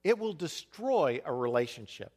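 Animated male preacher with lively pitch. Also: normal speed. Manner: animated preaching with dramatic dips to a quiet voice; acts out complaining people in a muttering voice. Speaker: pastor. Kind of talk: sermon.

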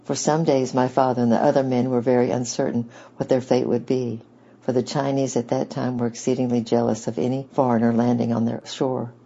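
A man giving steady storybook narration as an audiobook reader. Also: medium pitch, brisk, vocal fry. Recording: dull lo-fi recording.

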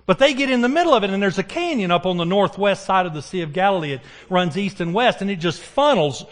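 A man's voice: high voice, quick pace. A man preaching a sermon. He keeps putting questions to the congregation and answering them himself. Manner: animated, asks the congregation questions.

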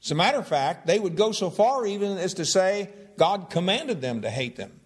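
A man preaching a Bible study sermon, reading old-fashioned scripture slowly and deliberately, then explaining it in a measured teaching voice. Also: high-pitched, sing-song, slightly rough. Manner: reads King James scripture slowly and deliberately; measured teaching delivery with fillers and restarts.

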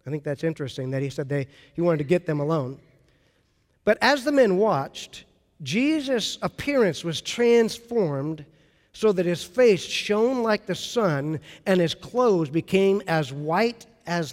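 A man delivers a sermon in a notably high voice. He retells the scene with lively, acted-out quotes. The sound trails off in a long, echoing hall reverb. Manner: animated storytelling, acts out excited quotes. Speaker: pastor.

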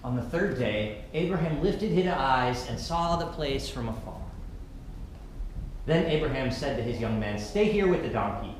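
A male pastor preaching a sermon and reading scripture dramatically, moving between loud calls and hushed narration. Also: mid-range voice, lively intonation, measured pace. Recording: very echoey hall, faint background noise.

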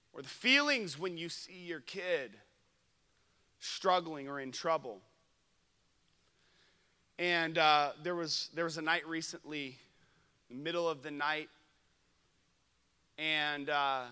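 A young man preaching a sermon at a camp, telling stories that swing from loud to hushed. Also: mid-range voice, clean tone, long reverb tail. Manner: storytelling, shifts from loud to hushed. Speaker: pastor. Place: camp meeting room.

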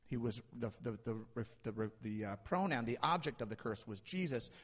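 A man's voice: mid-range voice, animated, normal speed. Man preaching in a reverberant hall. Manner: dynamic, swings between loud emphasis and hushed asides. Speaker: pastor. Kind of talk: sermon.

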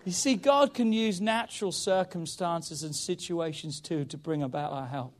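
A male pastor preaching a sermon, emphatic and urging, often saying "come on" and swinging between loud pushes and quiet stretches. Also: a little high, moderate pace, some chatter behind. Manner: emphatic, repeats "come on", rises and drops in volume.

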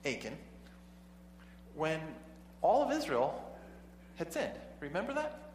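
A man with a slightly high, darkish voice preaches slowly, his pitch swooping wildly. He reads scripture, then tells a classroom story conversationally, with chuckling asides and frequent restarts, in an echoey hall with a faint hum.

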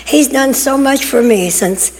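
An older woman church member speaks up at a sharing time in church, chatty and emphatic, with laughing asides. Her voice sits a little high. It rings with a long reverb from the hall. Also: unhurried.

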